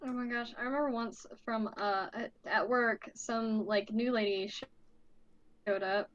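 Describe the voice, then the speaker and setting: A woman with a somewhat high voice chats on a livestream, full of "like" fillers. She tells rambling stories in a relaxed, conversational way. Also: unhurried, highs cut off. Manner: chatty storyteller, lots of "like" fillers. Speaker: guest artist. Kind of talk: casual livestream chat.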